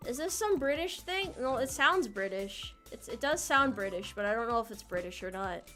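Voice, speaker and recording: High-pitched american-raised girl streaming, bright sharp voice, teasing chat and tripping over her words. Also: animated, normal speed. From United States. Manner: playful, teasing banter with chat, frequent restarts. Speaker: VTuber streamer. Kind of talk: casual live-stream chat while playing a game. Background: faint game music.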